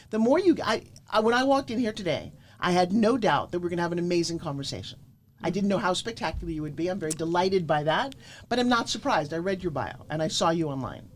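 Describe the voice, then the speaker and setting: A middle-aged woman from Florida, a guest pitch coach telling motivational stories emphatically and acting out quoted lines. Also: fast, slight background noise. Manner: emphatic, animated, acts out quotes. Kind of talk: energetic motivational storytelling.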